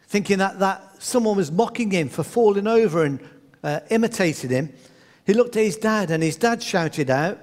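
A man with a high voice preaches a sermon with earnest conviction. His voice rings through a large hall with a long reverb. He sometimes slips into the voices of the people in his stories. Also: lively intonation, normal speed.

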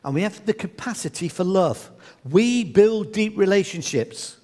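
A man with a high voice preaches a sermon with earnest conviction. His voice rings through a large hall with a long reverb. He sometimes slips into the voices of the people in his stories. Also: animated, measured pace, mellow.

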